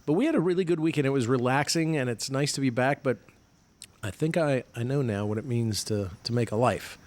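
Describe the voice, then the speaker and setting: A middle-aged man co-hosts a podcast remotely, telling stories in casual, chatty conversation with self-mocking humor. His medium-pitched voice is a little fast and a little mellow, picked up on a remote podcast mic.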